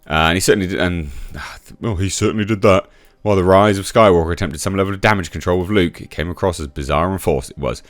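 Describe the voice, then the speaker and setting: Deep sarcastic man, chatty commentary. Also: fast talker, hardly any pauses, no room sound, studio quality. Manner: sarcastic, chatty, swings from low mutter to sudden high emphasis. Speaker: YouTube commentator. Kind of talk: casual commentary reading quotes.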